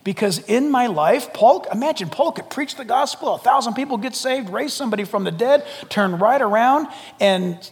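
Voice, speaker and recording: A man preaching a sermon to a congregation, dramatic and animated, jumping from loud exclamations to hushed near-whispers and acting out quoted voices. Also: extremely high pitch, moderate pace. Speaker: pastor. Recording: long hall reverb.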